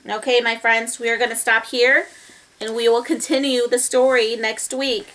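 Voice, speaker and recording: A woman's voice: on the high side, moderate pace. A woman reading a children's story aloud, talking to her young listeners as friends. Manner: warm, expressive, addresses listeners as friends.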